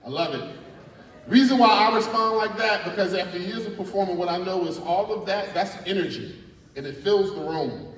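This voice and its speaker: A middle-aged man, a spoken word artist giving a lively, playful workshop talk to students in a large school hall. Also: sits high, moderate pace. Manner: animated and playful, coaching the crowd. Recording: echoey hall from far off.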